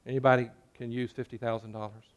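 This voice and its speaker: A man preaching a sermon in a church, joking with the congregation and swinging between loud and hushed. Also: medium pitch, level tone, fast talker. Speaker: pastor.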